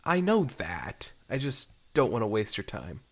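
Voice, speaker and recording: A man with a low voice chats casually on a podcast. His pitch moves widely as he makes wry, nitpicking remarks. He sounds relaxed and dry-humored. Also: measured pace. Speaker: podcast co-host. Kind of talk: casual chat.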